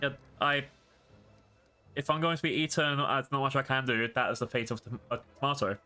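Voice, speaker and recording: A man's voice: mid-range voice, steady tone, brisk, sharp tone, faint music behind. A man streaming a game, chatting casually and rambling to his viewers with frequent laughs. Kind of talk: casual livestream gaming commentary.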